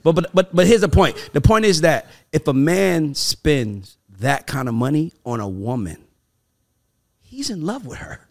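A man's voice: on the high side, unhurried. A man hosting a casual podcast, joking and acting out quotes in playful voices. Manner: animated, acts out quotes in funny voices. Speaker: podcast host.

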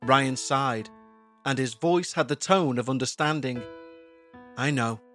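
A man narrating a scripted horror story in a slow, measured, tense way. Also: mid-range voice, fairly bright tone. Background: faint background music.

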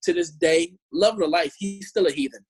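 Husky high-voiced animated man. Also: fairly quick. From born in Chicago, raised in Omaha. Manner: animated storyteller, repeats words, exclaims "man" and "yo". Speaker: Christian musician and street preacher. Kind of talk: casual podcast chat.

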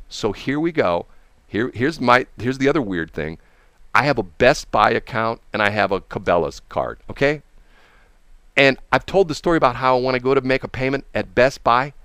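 Man, casual storyteller, lively swooping pitch, dry close sound. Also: brisk, no room sound. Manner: animated, acts out quoted people.

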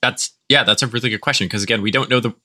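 A man's voice: mid-range voice, steady tone, rapid-fire, sharp tone. A man co-hosting a casual podcast chat, reasoning through ideas methodically. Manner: thoughtful, methodical.

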